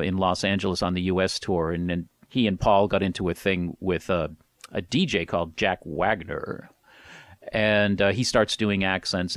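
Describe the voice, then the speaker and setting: A man's voice: low voice, no echo. Podcast guy rambling about old records, lots of uhs, dry mic. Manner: hesitant, many fillers and restarts. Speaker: podcast co-host. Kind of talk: casual chat about music records.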